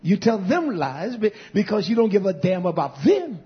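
Husky preacher swinging from mutters to shouts. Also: male voice, sits high, very animated, moderate pace. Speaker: pastor. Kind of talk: fiery sermon. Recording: dull lo-fi sound.

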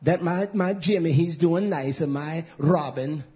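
A middle-aged man preaching a fiery sermon, scolding, dropping to low mutters and whispers, then rising into loud outbursts. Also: unhurried. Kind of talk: fiery street-style sermon. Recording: muffled lo-fi recording.

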